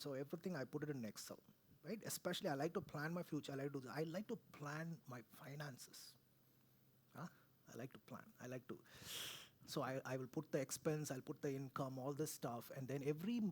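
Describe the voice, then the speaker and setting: A man, preaching conversationally, swinging from loud to hushed and often asking "right?". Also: a little high, breathy edge. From India. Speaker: pastor. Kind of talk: sermon. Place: church.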